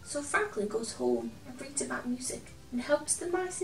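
With a high-pitched, gentle storytelling voice, a woman reads a children's picture book expressively and breaks off to chat with a toy friend. She is recorded from a distance in a roomy, echoey space, with faint soft music below her.

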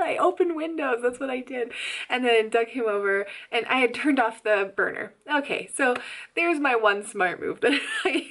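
Young woman vlogger, fairly high voice, loud and animated, lots of laughter and filler words. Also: moderate pace. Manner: chatty, laughs often, many "like" fillers. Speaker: pregnancy vlogger. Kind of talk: casual storytelling vlog.

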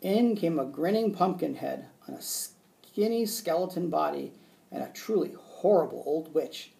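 A male teacher reading a children's book aloud with expressive narration. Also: a little high, measured pace, gravelly.

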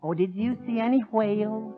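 A man voicing a clingy, whining fair young maiden in a pleading falsetto. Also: moderate pace, over loud music, close to an everyday voice. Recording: dull lo-fi 1930s radio transcription.

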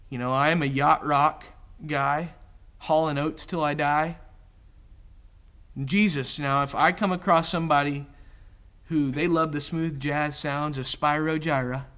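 Male pastor, conversational sermon delivery, self-deprecating humor, bright tone. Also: a little high. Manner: conversational, self-deprecating, voices quoted characters. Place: church.

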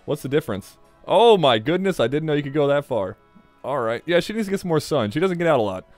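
A man's voice: on the high side, expressive, fast, faint music behind. A man hosting a let's play, giving casual, jokey gameplay commentary and swearing freely.

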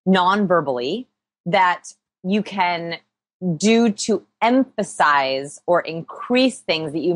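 A people-skills researcher guests in a conversational interview, her voice on the low side and recorded with no room sound. She comes across upbeat and uses self-deprecating humor while explaining.

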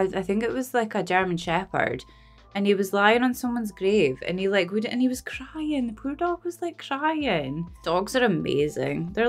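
Chatty Scottish woman reacting to a film. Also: mid-range voice. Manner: rambling, animated, laughs often. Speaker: movie reaction vlogger. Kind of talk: casual emotional chat.

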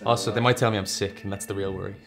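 A man's voice: lowish voice, steady tone, rapid-fire, music in the background. A young man with an Irish accent, chatting casually on camera with dry, wry humor. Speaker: contributor taking a test.

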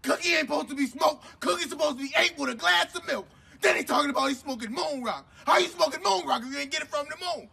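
A man playing a loud, hot-tempered older father in a comedy sketch, shouting and ranting in rhymes. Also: very high voice, gravelly, full character voice.

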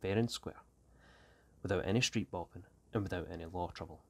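Guy reading a jumpy teen gang kid, street slang, gravelly low voice. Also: fairly quick. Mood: guarded. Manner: slangy street talk, guarded and restless. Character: tough teenage street gang boy, wary.

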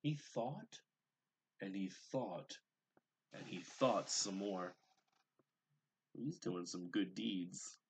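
A man teacher reading a picture book aloud to young children, gentle and expressive, adding asides about the pictures. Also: sits low, extremely slow, pauses often, husky. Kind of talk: read-aloud storytelling.

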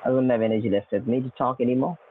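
Fast-talking Indian man on a tinny phone line. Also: mid-range voice, fairly even intonation, slight background noise. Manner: weary, insistent, formal polite phrasing. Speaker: scam caller. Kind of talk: phone call.

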